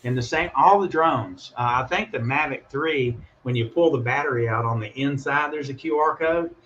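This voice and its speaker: A man casually telling a story on a call, animated and acting out the voices of the people in it. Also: medium pitch, normal speed, dull audio, a little hiss or hum. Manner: animated, acts out voices in his stories. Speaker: guest calling in.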